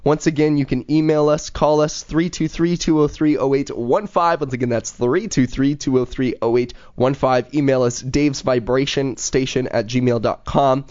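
A man's voice: medium pitch, steady tone, moderate pace, hardly any pauses, darkish tone. A man hosting a casual podcast chat, talking in an eager, motivational way with plenty of fillers. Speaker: podcast host. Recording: dull lo-fi recording.

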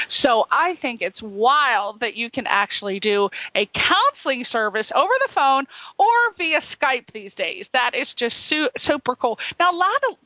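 A woman hosting a talk show in a high, bright voice. She chats in an animated way and keeps interrupting herself. The sound is dry and a little dull. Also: no room sound. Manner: chatty, animated, self-interrupting. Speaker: show host. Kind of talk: casual chat.

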